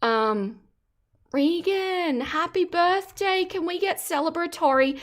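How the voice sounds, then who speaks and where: A woman hosting a live stream, with a fairly high voice, chatting casually and breaking into giggles. She greets her chat and teases what's on screen playfully. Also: a bit bright. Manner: giggly, laughs often, reads chat aloud; playful teasing commentary.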